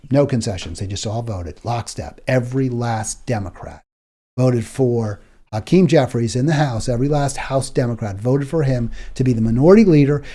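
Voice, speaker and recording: A man's voice: medium pitch, dark tone. A man hosting a political talk show, delivering an indignant, exasperated monologue and stumbling over repeated words when worked up.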